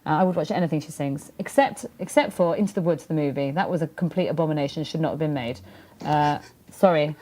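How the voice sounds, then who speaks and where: A woman's voice: deep voice, fast. A woman, chatting casually as a guest and often laughing. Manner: chatty, laughing, animated asides. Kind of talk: casual chat.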